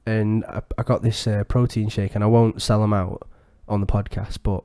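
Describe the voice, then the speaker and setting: A young man in his twenties, co-hosting a podcast and telling a crude story in casual, animated chat full of swearing. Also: lowish voice, moderate pace. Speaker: podcast co-host.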